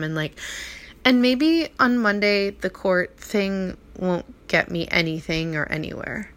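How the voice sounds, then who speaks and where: A woman's voice: medium pitch, unhurried, bright, forceful tone. A woman in her thirties talking through a heartfelt, rambling personal monologue at home, full of restarts and "like". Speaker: vlogger. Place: apartment at night.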